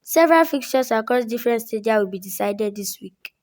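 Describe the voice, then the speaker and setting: A woman reading the sports news in a steady, formal style as anchor. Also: a little high, a little fast. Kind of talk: read news bulletin.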